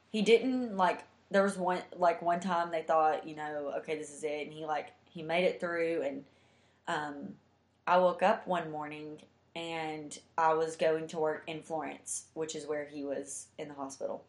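A young woman with a low voice tells a heartfelt personal story, chatty and loose with fillers. The room around her sounds echoey and roomy. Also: steady tone, unhurried. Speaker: guest telling a personal story. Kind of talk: casual storytelling.

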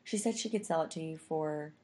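A woman's voice: low-pitched, fairly quick, a little mellow. A young woman telling a story in casual chat, talking chattily and saying "like" constantly.

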